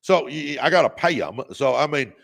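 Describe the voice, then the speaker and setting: A man's voice: on the high side, expressive, brisk, gravelly, a bit bright. A man hosting a motivational livestream, urging viewers on in a revved-up, preacher-like way. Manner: revved-up preacher-like exhortation, calls out viewers by name. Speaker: podcast host.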